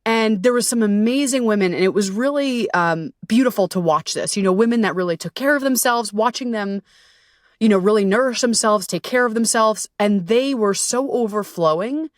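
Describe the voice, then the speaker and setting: A woman's voice: medium pitch, moderate pace, dry recording, clean studio sound. A woman hosting her own podcast, telling a story in a candid, casual way, full of swearing and fillers like "you know" and "like". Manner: candid, profane, conversational with frequent fillers. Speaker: podcast host and self-love coach.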